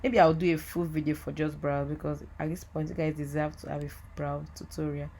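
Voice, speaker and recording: Chatty low-voiced woman. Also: brisk. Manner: chatty, excitable, addresses viewers as guys. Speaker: makeup artist. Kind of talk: casual voiceover tutorial. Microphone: voiceover mic.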